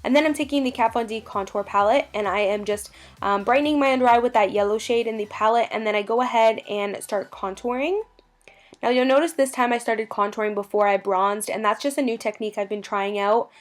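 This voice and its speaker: A woman's voice: on the high side, brisk. A young woman narrating a makeup tutorial, gushing about products in a bubbly, chatty way. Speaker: beauty vlogger.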